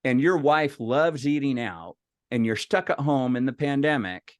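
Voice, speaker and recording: A man voicing his older brother as a calm, coaxing persuader in an anecdote. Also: mid-range voice, unhurried, clean tone, dry recording, natural voice.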